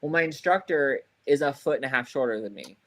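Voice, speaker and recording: A man's voice: mid-range voice, animated, a little fast, a bit bright. A man on a podcast, telling a story in casual chat, rambling and swearing, with lots of "like" and "you know.". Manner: frequent fillers like "like" and "you know". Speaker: podcast co-host.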